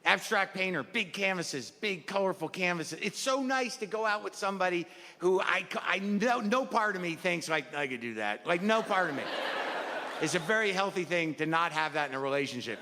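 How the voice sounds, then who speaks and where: A man's voice: high voice, animated, moderate pace. A male stand-up comedian on a club stage, talking in a rambling, profane, conversational way. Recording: reverberant live club with crowd noise. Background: audience laughter.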